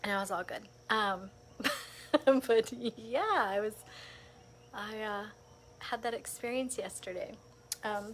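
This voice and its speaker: A woman casually recounting a personal experience, lively and animated, often saying "like" and laughing between thoughts. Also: fairly high pitch, slight background noise. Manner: animated storytelling with frequent laughs, filler "like". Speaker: vlogger.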